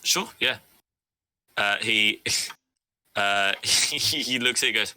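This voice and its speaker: A man's voice: lowish voice, slow pace, pauses often, pushed and bright, smooth, no echo. A man narrating as game master of a tabletop game in a casual, laughing way.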